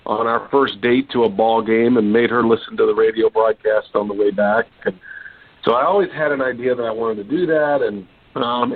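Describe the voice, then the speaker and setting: A man in his forties from Texas, a sports broadcaster telling his story in a relaxed interview with lots of ums and restarts. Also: medium pitch, no echo. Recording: dry, tinny phone-line sound.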